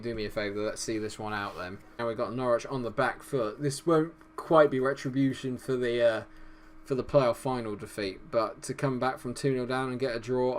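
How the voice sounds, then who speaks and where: With a little hiss or hum in the background, a young man speaks in a mid-range voice as he casually commentates on his own football management game. He's a gaming YouTuber who swears freely and cheers and groans at what happens.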